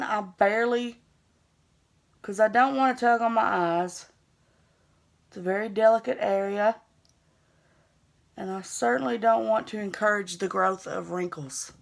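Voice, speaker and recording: A woman's voice: fairly high pitch, gravelly. A young woman with a Southern US accent, chatting easygoing and self-teasing as she narrates a makeup tutorial. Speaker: beauty vlogger.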